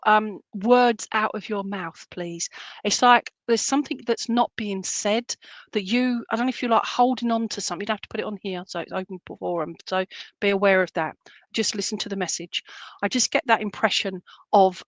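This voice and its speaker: A woman works as a medium, giving a reading in a loose, searching way with many ums and restarts. Her voice sits at a middling pitch. The recording is close and dry, with no room sound. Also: dry recording. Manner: halting, searching, full of fillers and restarts; relays spirit messages in a chatty, jokey way. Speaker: spiritualist medium. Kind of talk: clairvoyant reading in an online church service.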